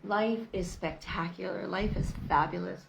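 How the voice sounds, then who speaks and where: A woman's voice: on the low side, fairly even intonation, moderate pace, vocal fry, very noisy. A middle-aged woman talking to camera in a casual, motivational way, emphatic and repetitive, with chatty asides. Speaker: vlogger.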